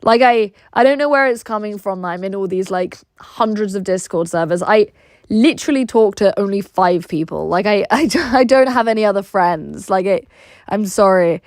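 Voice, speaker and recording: A woman's voice: medium pitch, normal speed, darkish tone, dry recording. Blunt English-accented woman, very dry sound. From Russia. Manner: blunt, crude and rambling, with many "like" fillers. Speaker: livestreamer. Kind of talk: casual livestream chat, reacting to viewer messages.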